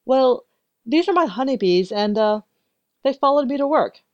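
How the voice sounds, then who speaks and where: A woman voicing a flustered young male beekeeper who talks in a hurried, pleading way. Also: sits high, expressive, dull audio, pitched above the performer's own voice.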